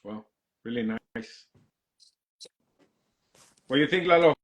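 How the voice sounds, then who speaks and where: Man, livestream host, casual chat, short replies, mid pitch. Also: animated, slow pace. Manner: brief backchannel replies.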